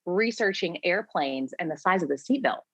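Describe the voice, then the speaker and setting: In a dull, dry lo-fi recording with a little hiss or hum, a guest in her forties from Florida speaks at a moderate pace in a lowish voice. She's candid and conversational in this casual interview, acting out her own and others' words in lively voices.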